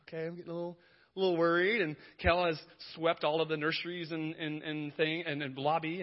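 A young male youth pastor preaching in a lively storytelling way, acting out the voices of everyone in his story with self-deprecating humor. His voice sits a little on the high side. The recording sounds muffled and lo-fi. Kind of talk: storytelling sermon.

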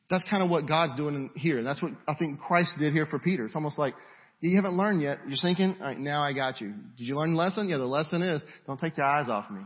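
A man's voice: fairly high pitch, husky, highs cut off. A man preaching a sermon, reading scripture and asking the congregation rhetorical questions.

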